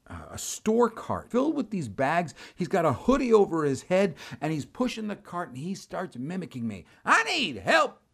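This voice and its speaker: A man preaching, telling a personal story with animated delivery, acting out the dialogue and repeating words. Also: medium pitch, vocal fry. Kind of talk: storytelling sermon.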